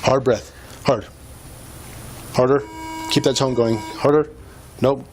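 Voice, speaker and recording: On noisy body-worn camera audio, a male police officer at a roadside traffic stop patiently repeats coaching commands. His voice is medium in pitch, steady in tone, and slow.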